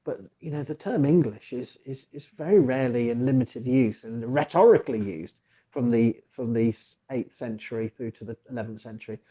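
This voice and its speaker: A man hosting a casual conversation about the past, talking in rambling, digressive stretches with animated asides. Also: medium pitch, fairly quick, rough recording. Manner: mock voices for quoted figures. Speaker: archaeologist podcast host.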